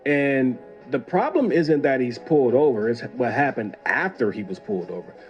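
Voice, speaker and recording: A man's voice: mid-range voice, sing-song, moderate pace, lo-fi sound, soft background music. A man, a former police officer, hosting a casual commentary show in a conversational, opinionated way. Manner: conversational, opinionated, reads viewer email aloud.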